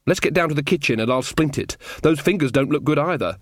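A man voicing a cheerful young woman, a queen wielding an axe, who talks in a bright, matter-of-fact way. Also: fairly high pitch, expressive, fast talker, no room sound, studio quality, close to an everyday voice. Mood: cheerfully menacing.

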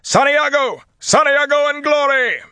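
A man's voice: low-pitched, very animated, unhurried, creaky, a bit bright, dry recording, exaggerated voice. A man voicing a hearty, scheming male tyrant lord who mocks and sneers in an audiobook. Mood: boisterous. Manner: jovial, sneering.

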